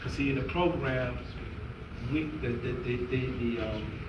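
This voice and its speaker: A man's voice: mid-range voice, unhurried, muffled recording. A man working as a youth mentor, giving a conversational, plain-spoken motivational talk to a group. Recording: echoey room, mic far off, faint noise.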